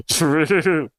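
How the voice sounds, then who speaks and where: A young man streaming live chats casually, rambling and laughing a lot as he responds to chat. Spanish is his first language, and his voice is on the high side. There's no echo.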